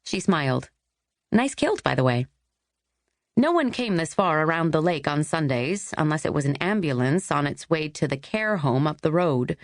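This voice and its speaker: A woman with a somewhat low voice reads a romance novel aloud in scripted narration. Her telling is wry and even, recorded close and dry in a studio. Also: normal speed, hardly any pauses, dry recording. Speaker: audiobook narrator.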